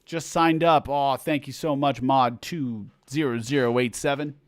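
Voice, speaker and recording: A man's voice: mid-range voice, steady tone, measured pace, no room sound. A man hosting a casual livestream for his supporters, reading viewer comments aloud and rambling along with fillers and restarts. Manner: rambling, chatty, self-interrupting with fillers. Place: home room indoors.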